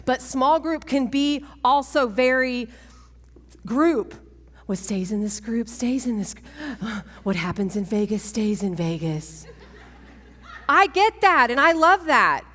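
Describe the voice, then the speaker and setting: Lady in her 40s telling her story at church, jokey and self-mocking, kinda high voice, big reverby hall. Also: slow. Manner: animated, self-mocking, laughing often. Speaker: speaker at a women's church event. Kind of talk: sermon-style testimony talk.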